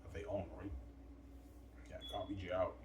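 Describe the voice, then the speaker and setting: A man's voice: deep voice, flat delivery, moderate pace. A man rambling in a long monologue, repeatedly tacking "man" onto his sentences. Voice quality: repetitive, trails off with "man". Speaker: vlogger. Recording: roomy, distant from mic, faint noise.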